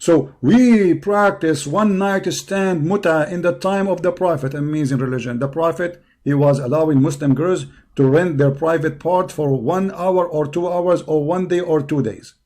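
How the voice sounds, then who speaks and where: A man with a hoarse voice hosting a live online show, delivering a heated, taunting monologue full of repeated insults and challenges. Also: a little high, normal speed, hardly any pauses, a little mellow. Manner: taunting, confrontational, repetitive insults. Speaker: online debate show host. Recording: live stream over a poor connection.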